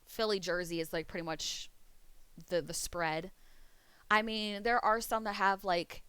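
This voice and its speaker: A woman from Pennsylvania streaming, chatting casually with viewers in a rambling way, swearing freely and a bit hoarse from losing her voice. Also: mid-range voice, steady tone, unhurried, fairly bright tone, dry recording.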